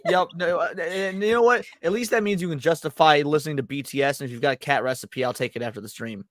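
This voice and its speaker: A man's voice: fairly high pitch, fast, fairly bright tone, dry recording, studio quality. A man, a podcast guest in casual chat, cracking irreverent jokes and stammering on repeated words.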